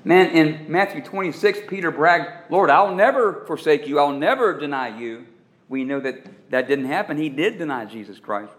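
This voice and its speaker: A man preaching with a fairly high voice, pausing dramatically and stretching out his key words. His voice rings around a roomy, echoey space. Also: animated, fairly bright tone. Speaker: pastor. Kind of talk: sermon.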